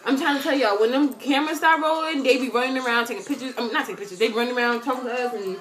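A young woman chatting casually to her webcam, slangy and animated, often breaking into loud quoted voices. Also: a little high, racing. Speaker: vlogger answering viewer questions. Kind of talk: casual chat to camera.

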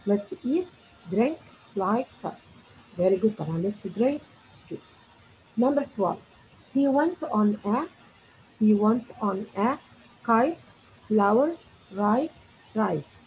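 A woman's voice: mid-range voice, a little mellow, a little hiss or hum, low-quality recording. A woman with an Egyptian accent teaching an exam review lesson. She reads test items aloud, explains them, and praises imagined students. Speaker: English teacher.

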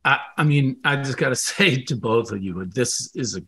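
A man co-hosting an interview podcast who talks excitedly and laughs between his words. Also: medium pitch, moderate pace, husky. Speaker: podcast co-host. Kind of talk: casual interview chat.

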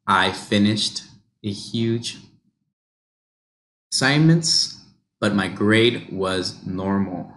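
Slow-spoken bright male pronunciation coach. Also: lowish voice. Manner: slow, repeats words to model sounds. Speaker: pronunciation teacher.

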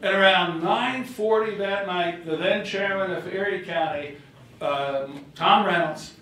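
An older man addresses a reception crowd in a political speech, telling stories with lively, acted-out quotes in a slightly high voice. He is heard from some distance in a very echoey hotel ballroom, with faint room noise behind him. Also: unhurried. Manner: storytelling, animated, acts out quotes. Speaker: former governor giving a speech.

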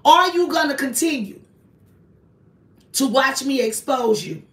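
Hosting a confrontational live stream, a high-voiced woman keeps aiming accusing rhetorical questions at one target, preaching and calling on God. She talks a little slowly. She is set back from the microphone, and the room adds an echo.

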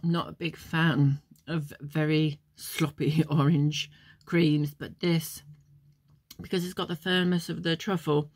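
A woman vlogger speaks in a low, darkish voice with a breathy edge, a flat delivery, and a slightly slow pace, recorded dry. She casually tastes and reviews chocolates, meandering into memories and using many ums.

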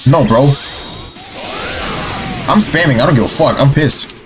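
A young man streams a fighting game over a headset mic. His voice leaps up and down in pitch as he reacts, cursing and venting his frustration. Game music plays loudly behind him. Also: unhurried. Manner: excitable, swearing, frustrated outbursts. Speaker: gaming streamer. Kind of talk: live gameplay commentary.

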